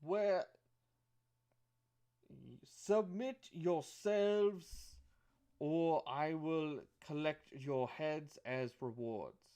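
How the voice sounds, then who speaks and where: A man voicing a menacing male villain in blackened armor, who gives threatening, drawn-out commands. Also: fairly high pitch, mellow, clear, resonant tone.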